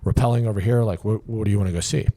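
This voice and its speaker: A middle-aged man with a deep, low voice talks as a guest in a casual interview. He rambles comfortably through his stories with plenty of fillers and the odd curse. He often slips into quoted dialogue to act out the other people in them. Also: racing, warm tone. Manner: loose and conversational, many fillers, acts out dialogue, swears. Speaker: podcast guest, retired army sergeant major.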